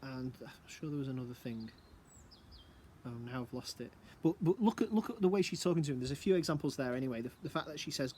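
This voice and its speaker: A man's voice: medium pitch, lively intonation, quick pace, dark tone, a little hiss or hum. A man giving a casual recorded English lesson from home, musing aloud and asking rhetorical questions. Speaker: English teacher. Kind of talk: recorded lesson explaining a play.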